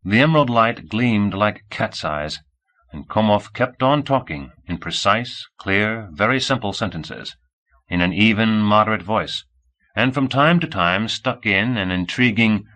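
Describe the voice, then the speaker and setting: A man narrating an audiobook in a steady, even reading voice. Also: on the low side, unhurried, low-quality recording. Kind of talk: scripted narration.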